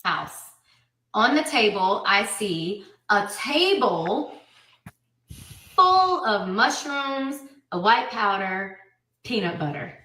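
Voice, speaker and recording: A woman telling a personal story in an animated way, repeating herself and quoting others. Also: medium pitch, slow, long pauses, echoey room. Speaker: guest telling her story. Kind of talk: emotional storytelling clip.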